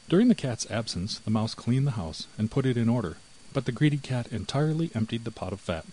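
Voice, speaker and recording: A man narrating a fairy tale in an expressive, measured storybook reading. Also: mid-range voice, slight background noise, low-quality recording. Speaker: audiobook narrator.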